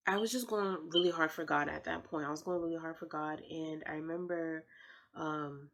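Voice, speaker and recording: Earnest low-voiced young woman testifying. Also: fairly even intonation, moderate pace, a bit bright, low-quality recording. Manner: earnest, heartfelt, repeats phrases for emphasis. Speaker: vlogger sharing her testimony. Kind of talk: personal faith testimony.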